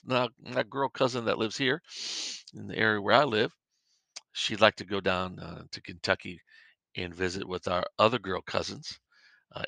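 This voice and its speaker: A man's voice: fairly low pitch, creaky, pushed and bright, no room sound. A man preaching a podcast sermon in an earnest, repeating cadence with stammered restarts. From northern United States.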